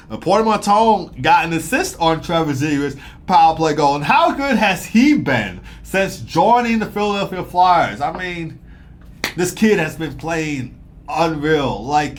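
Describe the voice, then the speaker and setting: Fast-talking young man recapping hockey. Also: on the high side. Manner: fast, rambling, excitable with fillers. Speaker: sports commentator.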